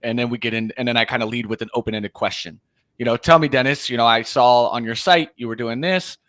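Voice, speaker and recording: A man's voice: medium pitch, fast talker, no echo. A man who coaches sales, chatting casually about cold calling and acting out bits of calls. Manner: animated, acts out call snippets.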